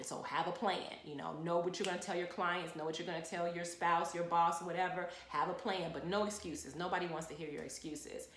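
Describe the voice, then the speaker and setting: A woman who works as a lawyer, giving frank, animated advice to the camera in a casual chat. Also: lowish voice, echoey room, a little hiss or hum. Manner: frank, animated storytelling with repeated phrases.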